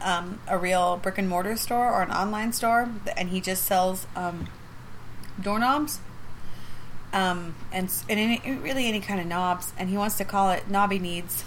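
A woman's voice: medium pitch, moderate pace, slight background noise. Giggly, rambling woman telling stories. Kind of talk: casual chat.

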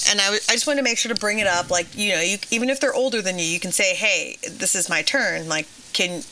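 A woman's voice: medium pitch, expressive, quick pace, sharp tone, slight background noise. A woman in her thirties, a mother, chatting casually on a phone call and telling a story with lots of laughter.

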